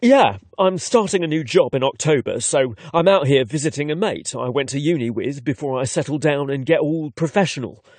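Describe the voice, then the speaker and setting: A man puts on a cheerful young man with a London accent, friendly and chatty, his voice lifted well above a plain speaking pitch. He swoops lively up and down, sounding close and dry in an audiobook. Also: fairly quick, few pauses, dry recording. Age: young adult.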